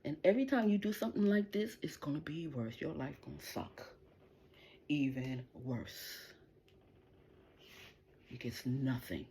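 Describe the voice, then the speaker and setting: A woman's voice: sits low, unhurried, long pauses, mellow, slight background noise. Profane, taunting woman ranting on a livestream. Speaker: livestream host. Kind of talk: angry livestream rant.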